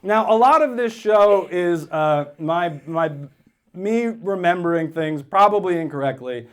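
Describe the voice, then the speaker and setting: A man in his thirties is doing stand-up comedy. He tells a long personal story in a loose, conversational way, and his voice sits a little high for a man. He keeps slipping into quoted lines from other people along the way. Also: lively intonation, a little slow, a little hiss or hum.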